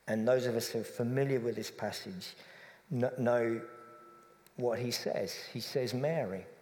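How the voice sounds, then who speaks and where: A man preaching a reflective, conversational sermon that softens to a gentle hush. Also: mid-range voice, fairly even intonation, unhurried, long reverb tail.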